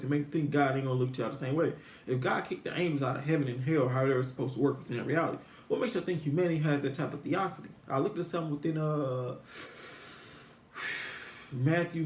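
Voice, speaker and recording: Rambling man, quick delivery, echoey room. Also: on the high side, a little mellow. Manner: meandering, repetitive, frequent restarts, rhetorical questions. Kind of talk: rambling religious musing to viewers.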